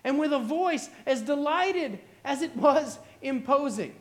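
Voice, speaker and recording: A man's voice: very high voice, expressive, slow pace, hardly any pauses. A man preaching a sermon, retelling a story dramatically with repeated refrains. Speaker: pastor.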